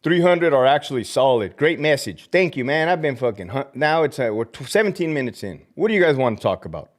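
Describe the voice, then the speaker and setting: A man's voice: mid-range voice, big pitch swings, a little fast. Fired-up profane middle-aged man ranting. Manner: profane, fired-up, mocking, peppered with Spanish slang. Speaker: livestream host, former corrections officer. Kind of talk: heated livestream rant reading chat comments.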